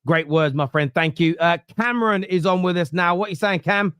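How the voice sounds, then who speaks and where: A man hosting a casual football chat, brisk and chummy, calling people mate. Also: high voice, a bit bright, smooth, no echo, studio quality. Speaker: show host.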